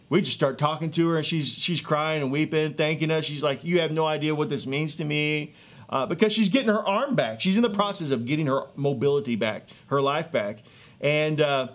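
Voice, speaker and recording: A man in his thirties or forties, a street evangelist telling a healing testimony in an earnest, excitable way with many fillers and restarts, outdoors in a neighborhood. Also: on the high side. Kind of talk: animated testimony storytelling.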